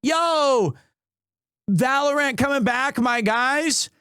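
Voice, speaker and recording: A man streaming live, chatting casually with his viewers and telling animated stories peppered with Japanese phrases. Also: very high voice, slow pace, a little hiss or hum.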